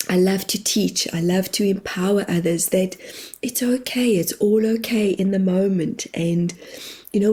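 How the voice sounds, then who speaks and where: A woman's voice: medium pitch, creaky, mellow, slightly rough. A woman guest, a spiritual medium and therapist, sharing personal stories in an open, heartfelt way and tearing up as she talks. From immigrated to New Zealand. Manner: tearful, open and heartfelt, laughs through tears. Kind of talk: emotional personal storytelling.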